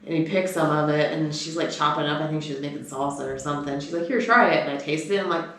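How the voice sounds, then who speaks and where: A woman co-hosting a casual podcast, telling lively stories among friends. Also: very fast, heavy reverb. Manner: animated storyteller, mimics people in higher voices. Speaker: podcast co-host. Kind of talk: casual chat.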